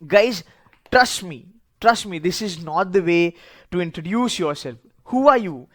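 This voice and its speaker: A man's voice: high-pitched, expressive, measured pace. A middle-aged man with an Indian English accent, a blunt and emphatic interview coach lecturing students and often repeating words.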